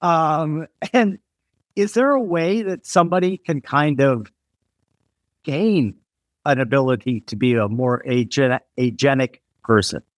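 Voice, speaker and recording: A man's voice: medium pitch, measured pace, dry recording, studio quality. An American man hosting a podcast interview, telling rambling stories with many restarts. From United States. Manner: rambling storyteller with frequent restarts. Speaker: podcast host. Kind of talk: casual interview conversation.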